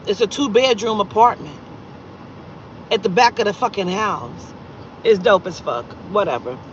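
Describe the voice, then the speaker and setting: A woman's voice: medium pitch, dull audio, slight background noise. Profane woman telling a wild story. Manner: profane, animated retelling with loud exasperated outbursts. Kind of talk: casual storytime vlog.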